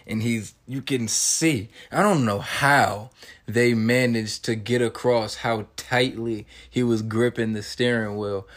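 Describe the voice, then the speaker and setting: A man in his twenties, hosting a podcast, retelling a movie scene in an animated, casual way and acting out the characters' lines in quick bursts. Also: fairly low pitch. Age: 20s. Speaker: podcast host.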